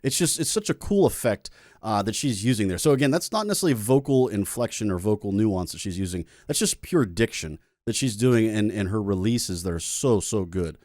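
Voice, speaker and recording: A man's voice: on the low side, animated, a little fast, darkish tone, no echo, studio quality. A man who is a music teacher, casually reacting to a song and enthusiastically explaining vocal technique, with apologetic asides to his viewers.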